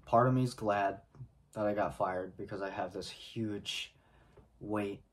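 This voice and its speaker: A man talking casually to camera as a vlogger, telling a personal story in a halting way, often pausing and clearing his throat. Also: fairly low pitch, fairly even intonation, noisy background. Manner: slow, halting delivery with frequent pauses and throat clearing.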